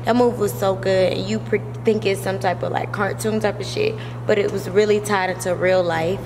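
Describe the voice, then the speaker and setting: A woman's voice: medium pitch, fairly even intonation, fairly quick, noisy background. A woman vlogging casually at home, chatty and slangy, laughing often. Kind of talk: casual vlog chat.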